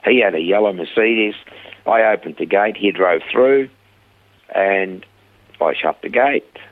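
A man's voice: on the low side, unhurried, narrow, tinny audio. An older man with a Swiss accent, telling his life story in an interview and acting out the dialogue. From Switzerland.

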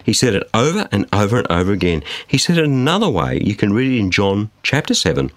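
A man's voice: fairly low pitch, big pitch swings, fast talker, no echo. A man preaching a studio sermon, emphatic and full of rhetorical questions.

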